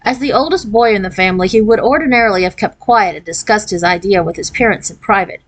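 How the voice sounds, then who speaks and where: A woman reading a children's chapter book aloud. Her narration is clear and steady, at a middle pitch for a woman. She tells the story plainly between the character voices. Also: quick pace. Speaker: reader.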